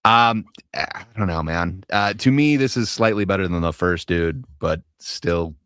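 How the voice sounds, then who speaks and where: A man's voice: low-pitched, a little slow, fairly bright tone, smooth, dry recording, clean studio sound. A man hosting a casual panel chat, talking hesitantly, with lots of fillers, and laughing easily. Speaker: panel host.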